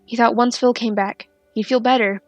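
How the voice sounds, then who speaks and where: A woman narrating a fanfiction story in a steady, soft-spoken reading. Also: on the high side, moderate pace, dry recording, highs cut off, soft background music. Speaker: fanfiction reader.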